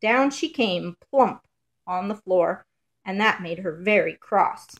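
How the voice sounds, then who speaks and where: A woman's voice: medium pitch, expressive. Woman reading a fairy tale aloud. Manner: measured, rhythmic storybook reading. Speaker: storyteller.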